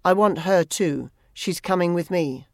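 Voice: medium pitch, measured pace, a little mellow, no room sound, studio quality, natural voice. A reader voicing a cold, threatening male bandit in an audiobook, with a mocking edge. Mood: menacing. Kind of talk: audiobook character reading.

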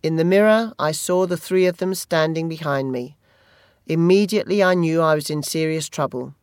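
A first-person audiobook narrator with a mid-range voice, telling the story at a steady, measured pace. The recording is close and dry, with almost no room sound. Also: mid-range voice, no echo.

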